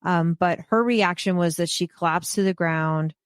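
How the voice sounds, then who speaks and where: Low-voiced woman, hesitant podcast host. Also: moderate pace, clear, resonant tone, no echo, clean studio sound. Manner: thoughtful, hesitant, with many "um"s. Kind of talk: casual conversational questions.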